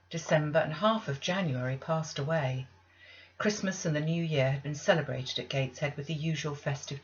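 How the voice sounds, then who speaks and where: A woman narrating a classic novel as an audiobook reader, in a measured, deliberate way with pauses. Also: deep voice, highs cut off.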